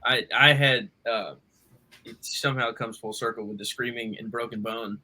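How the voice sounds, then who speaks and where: A man, a podcast host, telling a story in casual chat with animated delivery. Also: mid-range voice, moderate pace.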